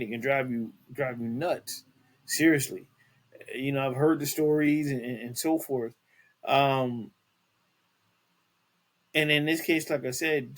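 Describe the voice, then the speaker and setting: A man's voice: mid-range voice, a bit bright. A man hosting a casual celebrity news podcast, talking in a rambling way with many restarts and fillers. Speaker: podcast host.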